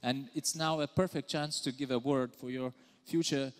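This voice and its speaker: A Lithuanian man with an Eastern European accent gives a live talk in a large conference hall, teasing and calling out audience members. His medium-pitched voice is steady and at normal speed, and the recording carries a long hall reverb.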